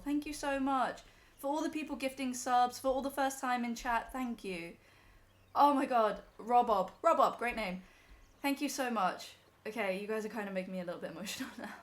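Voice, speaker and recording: A young woman on a live stream, emotional and teary as she talks to her chat from home. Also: fairly high pitch.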